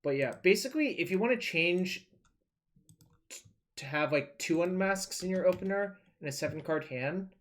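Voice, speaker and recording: Streaming a card game, this man talks loosely and casually, thinking out loud and cursing now and then. His voice sits high and is expressive and a bit bright, moving at a normal pace.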